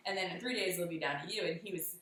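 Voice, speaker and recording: A woman's voice: fairly low pitch, rapid-fire, a bit bright, very echoey, recorded from a distance, poor audio. A woman chatting casually through an after-show recap of a hike. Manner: chatty storytelling. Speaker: hiker vlogger.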